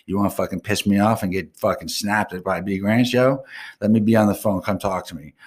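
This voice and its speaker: A deep, low-pitched man rants on his own live stream show, cursing in nearly every sentence. He talks in blunt, casual slang and drifts into loose asides. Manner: swears constantly, blunt and ranting. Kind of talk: profane solo rant.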